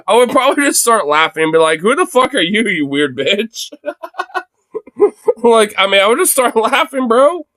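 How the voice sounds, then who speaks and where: A man talks loosely through a livestream reaction, his voice a touch high and bright, swinging up and down as he swears and laughs. He sounds mocking and unfiltered, recorded close and dry. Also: no echo. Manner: profane, laughs often, mocking. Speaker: livestream host reacting to videos. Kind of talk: casual livestream commentary.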